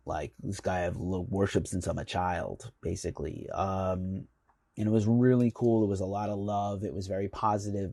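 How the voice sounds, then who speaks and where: A man from the United States tells a casual, rambling story, filling it with ums and likes. His low voice is gravelly and a bit husky. The sound is close and dry, with no room around it. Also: darkish tone, no room sound. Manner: rambling, filler-heavy, enthusiastic. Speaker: magazine chief editor hosting the show.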